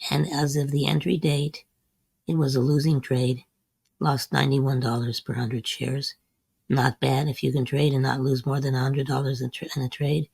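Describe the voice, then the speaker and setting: Very gravelly, husky male market teacher. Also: medium pitch, darkish tone, no room sound. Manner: methodical, repeats short refrains. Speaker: host. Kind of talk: scripted market lesson over a chart screen.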